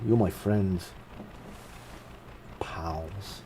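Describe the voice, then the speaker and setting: A man's voice: low-pitched, expressive, moderate pace, long pauses, warm tone, a little hiss or hum, low-quality recording. A man who is a game developer, giving casual gameplay commentary in a chatty, self-mocking way with frequent asides.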